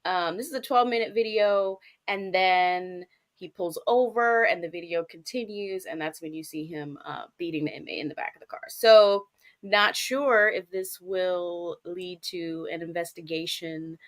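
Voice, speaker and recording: Woman co-host, lower voice, loose news read with hesitations. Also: a little slow. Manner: relaxed, hesitant, many ums. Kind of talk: casual news discussion.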